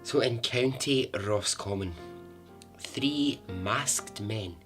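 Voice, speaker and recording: A man's voice: mid-range voice, extremely slow, fairly bright tone, soft background music. A man hosting a podcast, telling a true-crime story in a chatty way with asides and the odd swear word. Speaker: podcast host.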